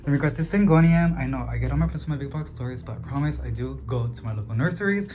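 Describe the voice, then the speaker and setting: A man hosting a casual houseplant tour of his apartment, chatting quickly and calling his plants "girly" as he walks through the rooms. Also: mid-range voice, dark tone, slight background noise. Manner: chatty, talks fast, calls plants "girly". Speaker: plant channel host. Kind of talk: casual home tour vlog.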